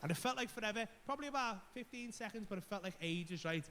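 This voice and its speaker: A man doing stand-up storytelling, his voice pitched very high for a man. He tells the story in an animated, profane way and acts out the voices and the screams. Faint noise hums under the recording. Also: fast talker. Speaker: stand-up comedian.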